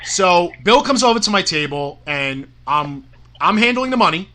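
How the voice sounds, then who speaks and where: A man's voice: high-pitched, lively intonation, moderate pace, bright, forceful tone. A man, a promoter, telling a heated story as a radio show guest, swearing often, repeating "you know" and tripping over his words. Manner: angry, profane rant with many "you know" fillers and stammered restarts. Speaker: wrestling promoter.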